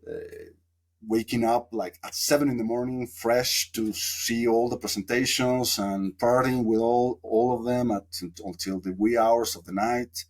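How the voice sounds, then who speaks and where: Man, podcast guest, mid pitch, rambling, reflective. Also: steady tone, unhurried, a little mellow. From Mexico. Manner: reflective, rambling with many fillers. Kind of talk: casual storytelling interview.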